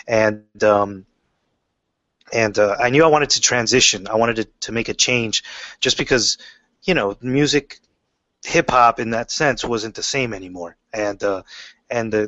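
During a casual interview, a comic book writer tells easygoing stories about his writing, full of fillers and false starts. His pitch is medium, and the recording sounds dry and dull.

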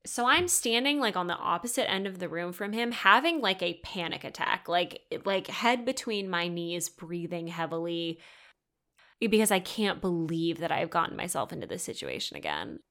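Bright-voiced woman telling a candid story. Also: on the low side, normal speed. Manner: candid, swearing, animated retelling with quoted dialogue. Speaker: podcast host. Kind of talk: solo storytelling chat.

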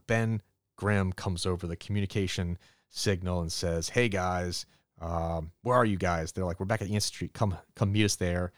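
A man with a low, deep voice talks casually through a comic recap as a solo podcast host. He rambles a little and drops quick voiced lines for the characters. The sound is close and dry, with no room around it. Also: no echo.

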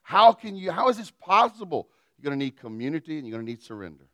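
Folksy preaching man, smooth and dry. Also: fairly high pitch, sing-song, fast talker, sharp tone, dry recording. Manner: folksy, humorous storytelling preacher. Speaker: pastor. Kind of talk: sermon.

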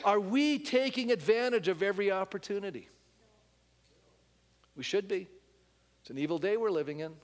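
Male pastor, fairly high voice, blunt conversational sermon, long hall reverb. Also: moderate pace, pauses often. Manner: conversational, asks the congregation questions; emphatic and blunt.

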